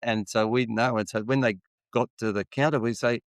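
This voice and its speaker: A middle-aged man hosting a podcast, telling stories in a relaxed way. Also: medium pitch, moderate pace, dry recording. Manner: relaxed storyteller. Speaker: podcast host, dentist. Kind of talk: conversational interview, anecdotes.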